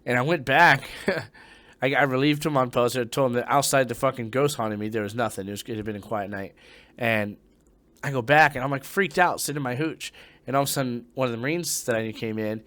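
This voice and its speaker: A young man recounts a night on guard duty in a loose, profane storytelling voice. He sinks into hushed tones and then bursts out loudly. His voice sits at an ordinary middle pitch and the sound is dry and close, with no room around it. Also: fairly quick, no room sound. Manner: profane, animated retelling with hushed and sudden loud bursts. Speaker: former Marine storyteller. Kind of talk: casual spoken storytelling.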